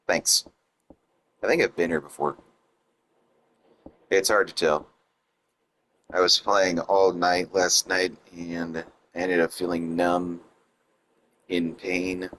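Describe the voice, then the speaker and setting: Brief: lower-voiced man for snarky gameplay commentary, sarcastic and mocking. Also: flat delivery, slow pace, long pauses, fairly bright tone, a little hiss or hum. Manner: sarcastic, mocking the game and its heroine. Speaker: let's play commentator.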